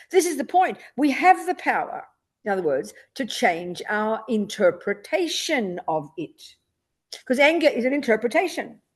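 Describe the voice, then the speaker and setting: A Buddhist nun teaching a dharma talk, blunt and emphatic, often checking with rhetorical questions. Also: female voice, fairly high pitch.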